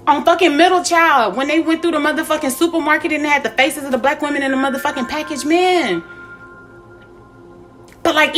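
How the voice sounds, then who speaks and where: A young woman talks straight to her viewers in a loose, swearing, animated monologue. Her voice sits high, and she laughs often. Faint music plays behind her. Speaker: spiritual vlogger. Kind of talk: casual profane monologue.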